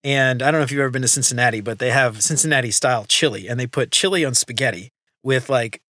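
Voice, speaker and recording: A middle-aged man hosting a podcast, chatting in a quick, enthusiastic, casual way. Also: mid-range voice, pushed and bright, a little hiss or hum. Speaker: podcast host. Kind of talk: casual interview chat.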